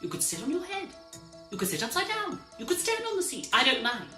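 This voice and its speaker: A woman's voice: high voice, huge pitch swings, brisk, bright, forceful tone. A woman telling an interactive children's story in a playful, theatrical way, often addressing the listener directly. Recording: roomy echo with music behind.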